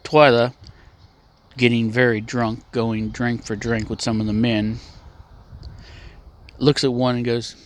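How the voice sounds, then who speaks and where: A man telling a story in a casual, plainspoken, unhurried way, with a few restarts. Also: medium pitch, flat delivery.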